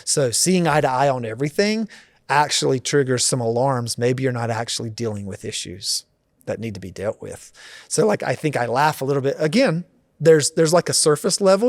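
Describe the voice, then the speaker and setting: A man's voice: mid-range voice, lively intonation, a little fast, dry recording. A man in his forties, a pastor, talking earnestly and reflectively about marriage in a podcast conversation.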